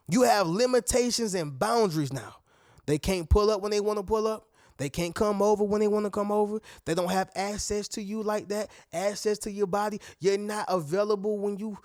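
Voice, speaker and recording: A slightly mellow male voice leads this motivational talk to camera, recorded in clean studio sound with no room sound. He's emphatic and preachy, calling viewers "y'all" and "family," and often performs what others would say in a higher voice.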